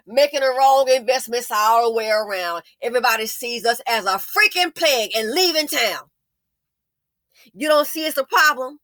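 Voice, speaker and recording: A woman's voice: high-pitched, normal speed, fairly bright tone, no echo, clean studio sound. A woman hosting a commentary video, ranting in an angry, profane, scolding way. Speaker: commentary channel host. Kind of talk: blunt commentary rant.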